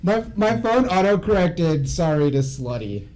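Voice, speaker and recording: A man's voice: high voice, very animated, measured pace, darkish tone. A man co-hosting a casual group podcast, laughing often and restarting his sentences as he rambles. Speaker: podcast co-host. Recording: noisy home podcast recording.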